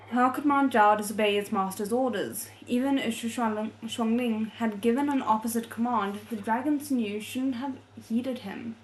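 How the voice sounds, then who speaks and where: A woman reading a novel aloud as a readalong host, soft and measured, breaking off to react with feeling. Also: medium pitch. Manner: emotionally invested, breaks off to react.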